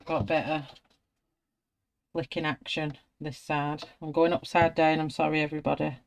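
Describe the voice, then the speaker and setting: Low-voiced chatty British woman. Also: fairly even intonation, normal speed, gravelly. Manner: chatty, self-narrating, friendly. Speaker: colouring artist. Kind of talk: casual chat while colouring.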